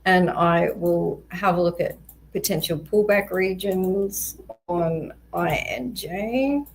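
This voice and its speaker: A woman with a lowish voice and an unhurried pace, talking through market charts. She explains things steadily, pausing on fillers, and her voice is turning a little hoarse. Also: a little hiss or hum, rough recording. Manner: measured, explanatory, frequent ums. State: voice going hoarse, occasional coughs. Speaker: crypto market analyst. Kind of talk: chart analysis walkthrough.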